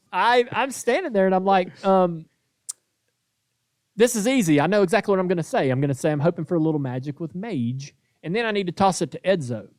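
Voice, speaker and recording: Male podcast host, casual storyteller, slightly high voice, dry studio sound. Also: brisk, no room sound. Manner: animated storytelling, acts out quoted voices.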